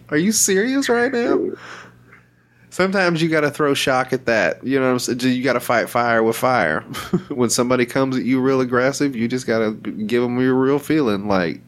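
A man's voice: medium pitch, moderate pace. Profane, laughing man in casual chat. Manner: profane, laughs often, animated storytelling.

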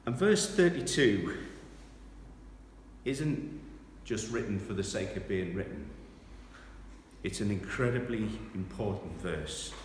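A man preaching a sermon, reading scripture aloud with loud dramatic emphasis and then dropping to quiet reflection. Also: fairly low pitch, animated, takes it slowly, long pauses, slight background noise. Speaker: pastor. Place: large church hall. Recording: echoey hall from far off.

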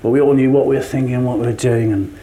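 A man's voice: mid-range voice, steady tone, fast, mellow, a little hiss or hum. A man speaking as an actor on a panel, sharing anecdotes with laughing asides. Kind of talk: panel discussion.

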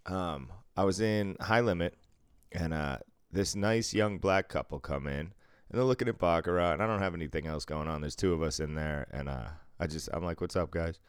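A man's voice: sits low, moderate pace, smooth, dry recording, studio quality. A man in his fifties from Cambridge with a Boston accent, swearing freely while telling stories in a casual chat. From Cambridge, Massachusetts. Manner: profane, animated storytelling.

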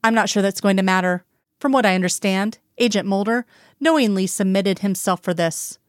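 A woman's voice: mid-range voice, normal speed, smooth, no echo, studio quality, natural voice. A woman voicing a stern, protective male FBI boss who scolds in clipped sentences in a storybook reading.

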